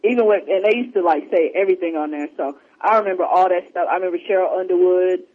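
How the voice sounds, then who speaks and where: A man on a podcast in casual chat, telling stories with lots of energy and acting out what people said. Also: quick pace. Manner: animated storyteller, acts out quotes in a higher voice. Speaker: podcast co-host. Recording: dull lo-fi sound.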